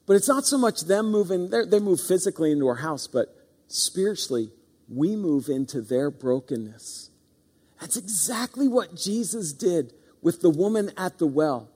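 Pastor, male, fairly high voice, earnest sermon delivery with slowed stresses, church hall reverb. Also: darkish tone, breathy edge.

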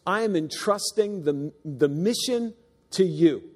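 A man's voice: high-pitched, lively intonation, takes it slowly, a little mellow, big-room sound. A man preaching a sermon, earnest and emphatic, stressing key words and sometimes restarting his sentences. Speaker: pastor. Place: church sanctuary.

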